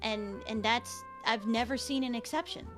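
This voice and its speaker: Young female VTuber, lively storyteller, high bright voice, faint music behind. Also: normal speed. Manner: animated storyteller, acts out her own reactions. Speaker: VTuber guest. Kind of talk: casual stream chat.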